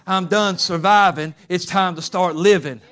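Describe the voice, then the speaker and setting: A man preaching a sermon, moving between quiet, close talk and loud, fervent exhortation. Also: high voice, measured pace.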